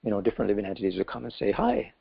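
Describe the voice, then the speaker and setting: A man's voice: on the low side, steady tone, very fast, vocal fry, breathy edge, dry recording. A man giving a scripture class, telling a story in a casual way with many fillers. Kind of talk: storytelling lecture. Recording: dull lo-fi class recording.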